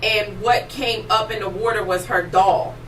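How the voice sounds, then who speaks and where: A woman podcast host excitedly telling a rambling story, full of fillers. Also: medium pitch, a little slow. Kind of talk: casual storytelling chat. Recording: roomy echo, distant mic, faint noise.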